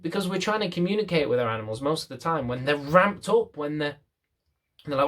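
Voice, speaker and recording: A man's voice: fairly high pitch, animated, fast talker, a bit bright. A man working as a dog trainer, explaining to camera in a chatty way, repeating phrases and acting out little scenes. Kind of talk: casual explainer talk to camera.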